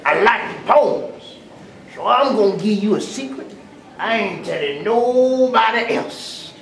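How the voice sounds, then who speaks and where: A man voicing an older male jazz poet, a gruff streetwise mentor who drawls slowly and calls the listener "boy.". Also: high-pitched, animated, fairly bright tone, full character voice. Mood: confiding. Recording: echoey hall, distant mic.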